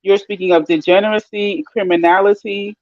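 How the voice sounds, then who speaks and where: A man's voice: high voice, steady tone, brisk, a little mellow, no room sound. A man challenging a guest in a heated debate, pressing him with questions. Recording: dry, dull lo-fi sound.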